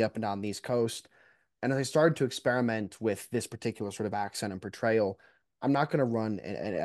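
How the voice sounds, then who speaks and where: A young man chatting casually as a podcast guest, relaxed and self-deprecating. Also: lowish voice, no echo, clean studio sound. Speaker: guest, mock trial competitor.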